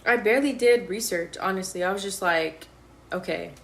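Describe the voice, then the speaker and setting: A woman in her twenties, speaking in a mid-range voice at a fairly quick clip, chats casually about her college years in an interview. She's a lively, slangy storyteller who acts out the quotes.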